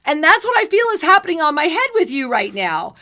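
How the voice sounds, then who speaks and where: A woman's voice: sits high, sing-song, fairly quick, sharp tone. A woman co-hosting spiritual talk radio, effusive and sing-song, giving intuitive readings to callers. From New Jersey. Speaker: radio show co-host and intuitive reader.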